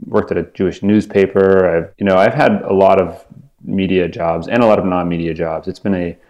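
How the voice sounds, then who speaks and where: A man's voice: sits low, steady tone, a little fast, a little mellow, highs cut off. A man from the Los Angeles area, an author being interviewed, talking thoughtfully with lots of fillers and restarts. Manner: thoughtful, rambling with many fillers. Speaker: author guest. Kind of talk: casual interview over video call.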